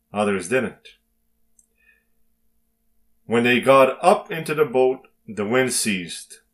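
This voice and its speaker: A man reading a Bible story aloud and preaching on it in a slow, emphatic devotional style with dramatic pauses. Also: lowish voice, fairly bright tone.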